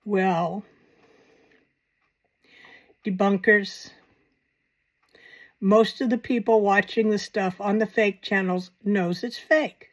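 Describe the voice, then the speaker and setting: A woman's voice: mid-range voice, fairly even intonation, takes it slowly, pauses often. A woman hosting a paranormal channel, talking in a casual, rambling commentary with wry, self-mocking asides.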